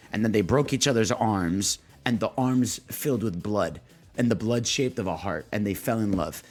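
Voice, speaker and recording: A man's voice: on the low side, moderate pace, a little mellow, faint music behind. A young man streaming live, rambling in slangy, laughing casual chat as he reads out chat prompts. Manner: rambling, laughing, slangy, voices quoted characters.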